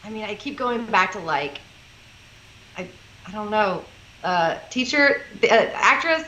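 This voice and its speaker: A woman from the Rio Grande Valley of Texas, a news correspondent chatting casually as a podcast guest, laughing and poking fun at herself as she tells quick stories. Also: medium pitch, expressive, sharp tone, echoey room, slight background noise, low-quality recording. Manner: laughing, self-deprecating, quick storytelling.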